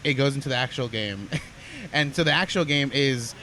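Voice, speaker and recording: A man's voice: medium pitch, normal speed, bright, forceful tone. A man co-hosting a casual podcast, describing things in a rambling way with many fillers. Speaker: podcast co-host.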